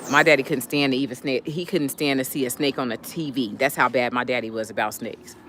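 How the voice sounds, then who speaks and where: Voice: mid-range voice, fairly even intonation, a little fast, a bit bright, slight background noise. A regular on a live audio chat, telling stories in a loose, rambling way with lots of fillers and restarts. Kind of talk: casual storytelling chat. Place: lives in San Diego.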